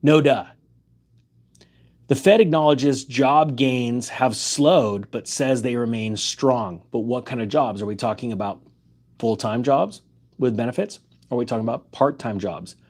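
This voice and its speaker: Mid-pitched man hosting a finance commentary show; reads headlines and picks them apart with pointed questions. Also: normal speed, a little mellow. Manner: skeptical, emphatic rhetorical questions. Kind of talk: opinionated commentary reading news aloud.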